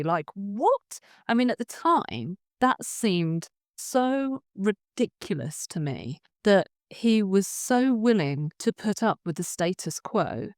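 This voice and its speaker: A woman's voice: medium pitch, lively intonation, slow, hardly any pauses, dry recording, studio quality. A woman, a leadership expert guesting on a podcast, telling her story in a candid, emotional way. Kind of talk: conversational interview.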